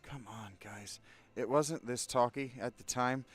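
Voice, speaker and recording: A man casually commenting while playing a video game, soft-spoken and reflective. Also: medium pitch, a little slow. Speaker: game streamer. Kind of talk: casual let's-play commentary.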